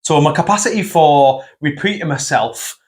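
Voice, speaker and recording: A man, hosting a casual podcast chat, blunt and quick to swear. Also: on the high side, lively intonation, a little mellow. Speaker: podcast host. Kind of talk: casual conversation.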